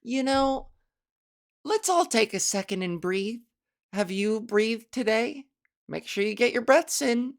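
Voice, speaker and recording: A woman hosting a casual solo podcast, rambling and self-mocking, laughing at her own jokes while working on a softer voice. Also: fairly high pitch, animated, takes it slowly. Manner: practicing a softer voice with resonance and inflection. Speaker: podcast host. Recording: fan blowing near the microphone.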